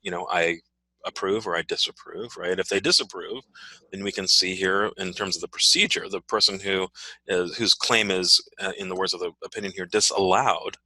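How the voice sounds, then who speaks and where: A man's voice: low-pitched, steady tone, normal speed, sharp tone, dry recording, poor audio. A man teaching a law class, explaining procedure with frequent "right?" checks and fillers. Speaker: law professor.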